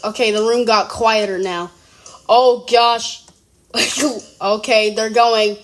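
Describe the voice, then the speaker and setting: A young reaction video creator speaks slowly in a steady, mid-range voice from a room at home. The commentary is casual, with frequent giggles and surprised exclamations, rambling and self-corrections.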